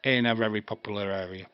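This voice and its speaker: A man's voice: on the low side, fairly even intonation, normal speed, clean tone. Crude joking man in his fifties. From England. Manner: crude joking, rambling, laughs often. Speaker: live stream host. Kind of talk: casual live watch-along chat. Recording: dry, slightly dull stream mic.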